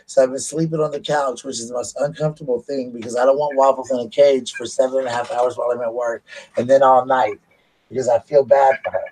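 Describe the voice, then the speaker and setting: Man, husky voice, chatty vlogger who laughs at his own tales. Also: medium pitch, steady tone, fast talker, darkish tone, poor audio. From United States. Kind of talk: casual storytelling.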